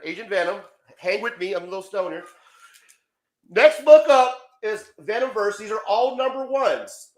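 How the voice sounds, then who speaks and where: A man co-hosting a casual comic book stream, loose and excitable, swearing freely as he shows off issues over a video call. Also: sits high. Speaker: co-host showing comic books.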